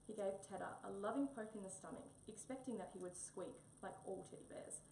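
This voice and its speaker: A woman reading a children's picture book aloud in an expressive storybook manner. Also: mid-range voice, brisk. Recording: echoey room, mic a bit far, faint hum.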